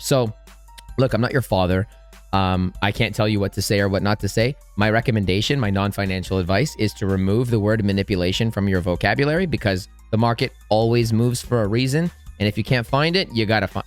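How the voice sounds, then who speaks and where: A man hosting a trading channel, giving casual, emphatic market commentary over charts and often tagging on "right?". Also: mid-range voice. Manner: emphatic, blunt, keeps asking "right?".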